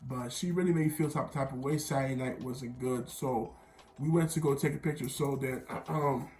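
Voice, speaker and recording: A man's voice: medium pitch, steady tone, moderate pace, darkish tone, reverberant. A young man from Miami telling a rambling storytime vlog, often repeating himself and quoting others. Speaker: vlogger.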